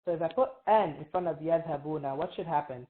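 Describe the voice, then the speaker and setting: Woman teacher, low register, patient quizzing style, phone-quality audio. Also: quick pace. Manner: patient, quizzes students, frequent "right?" checks. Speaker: Arabic teacher. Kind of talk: classroom review lesson. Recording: tinny phone-like online call.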